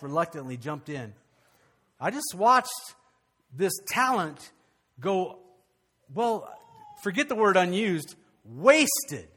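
A male pastor, preaching a conversational, animated sermon with frequent restarts. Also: sits high.

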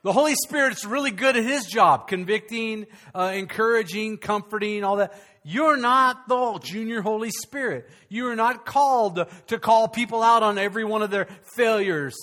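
A man, a pastor, preaching to his congregation in a conversational way, with humor and dramatic pauses. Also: high-pitched, pushed and bright. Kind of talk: sermon. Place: church sanctuary before a congregation.

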